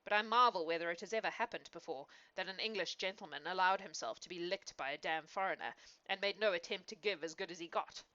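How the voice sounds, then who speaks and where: A woman reading as a dashing, good-humoured English gentleman in a storybook, jovial and teasing, with a low, bright, forceful voice. The recording sounds dull and lo-fi. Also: quick pace, hardly any pauses. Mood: wry. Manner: jovial, teasing, then tender.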